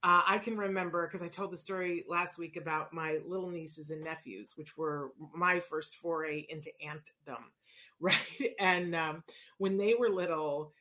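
A woman's voice: on the low side, unhurried. A middle-aged woman telling stories casually, acting out voices as she talks about play and children on the autism spectrum. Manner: animated, acts out voices in anecdotes. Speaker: parent educator on autism. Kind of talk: casual storytelling talk.

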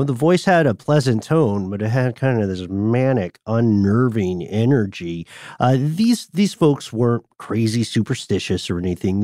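Male podcast co-host, mid pitch, dry close mic, animated narrator. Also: no echo. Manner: lively, acts out quoted voices. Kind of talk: casual storytelling chat.

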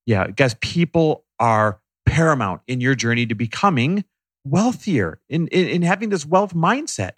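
An energetic man co-hosting a podcast, pushing his points with motivational emphasis. His pitch sits a little high and jumps around a lot as he talks. The recording is dry and close. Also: moderate pace, slightly rough, no room sound. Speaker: podcast co-host. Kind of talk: casual podcast chat.

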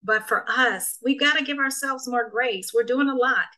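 A woman speaking with a bright, forceful tone, a coach and speaker chatting casually. She leans on key phrases and repeats them to drive them home. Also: sits high, normal speed, low-quality recording. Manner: emphatic, repeats phrases for effect. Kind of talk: casual conversation.

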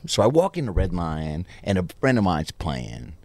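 A man's voice: deep voice, wildly swooping pitch, moderate pace, a little mellow, no room sound. A man, a musician guest, telling a casual story in an interview, rambling and filling his sentences with "you know".

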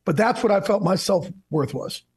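A man's voice: sits high, normal speed, breathy edge. A man in his fifties from New Jersey, a radio guest talking candidly over a video call, restarting words as he goes. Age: 50s. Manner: candid, energetic, repeats words when starting a thought. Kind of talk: casual interview chat.

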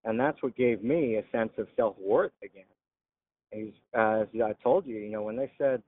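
A veteran telling his story in an interview, halting with frequent "uh" pauses. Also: on the low side. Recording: tinny phone-like line.

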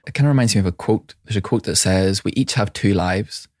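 A man's voice: lowish voice, fairly quick, dry recording, clean studio sound. A man speaking as a mindfulness teacher and separated father, telling reflective personal stories with frequent restarts in a conversational interview. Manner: reflective, warm anecdotes with many restarts.

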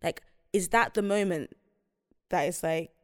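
A woman's voice: on the low side, a little slow, dry recording, clean studio sound. A young woman hosting a casual chat, asking thoughtful, slightly hesitant questions.

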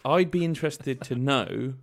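A man's voice: mid-range voice, normal speed, creaky. A man co-hosting a podcast, joking around and telling stories in casual chat. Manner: joking, storytelling. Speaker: podcast co-host.

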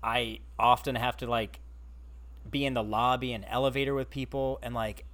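A man's voice: mid-range voice, steady tone, normal speed, fairly bright tone. A man rambling through a casual podcast story. He fills nearly every phrase with "like" as he goes. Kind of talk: casual chat.

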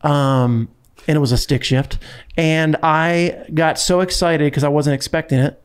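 A man's voice: fairly high pitch, fairly even intonation, unhurried, clean tone. A man in his thirties hosting a podcast, chatting casually and rambling with lots of fillers. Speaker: podcast host and country singer. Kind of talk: casual chat.

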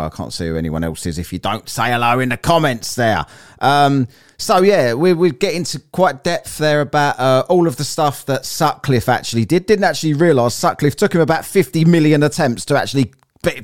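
A man hosting a podcast live stream, reading crime stories aloud and breaking off to joke about them. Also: medium pitch. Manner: jokey, reads aloud then riffs. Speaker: podcast host.

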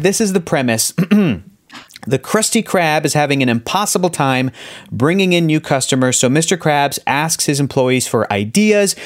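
Man, podcast host, slightly high voice, enthusiastic, chatty. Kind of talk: casual chat.

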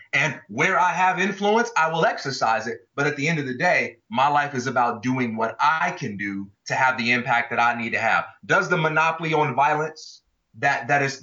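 A man's voice: medium pitch, sharp tone. A man co-hosting a podcast, arguing his views in passionate, emphatic casual talk. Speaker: podcast co-host. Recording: dull lo-fi audio.

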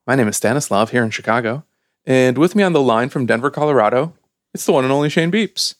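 A man's voice: mid-range voice, animated, quick pace, no echo, clean studio sound. A man from Ukraine hosting a casual podcast, upbeat and chatty, laughing easily. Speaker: podcast host.

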